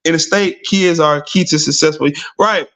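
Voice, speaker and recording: Brief: high-pitched male sports streamer, blunt and profane, rambling casual rant. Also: moderate pace, a bit bright. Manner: rhetorical "see what I'm saying?" asides. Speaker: sports talk host. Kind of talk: casual sports talk livestream.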